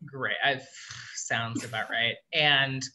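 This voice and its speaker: A man's voice: medium pitch, fairly even intonation, slow, bright, forceful tone. A man co-hosting a casual chat, upbeat and full of "like" fillers. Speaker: co-host.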